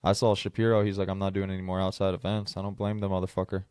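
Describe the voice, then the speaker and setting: Deep-voiced laid-back podcast host. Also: male voice, level tone, quick pace, darkish tone, smooth, no room sound, clean studio sound. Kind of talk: casual podcast chat.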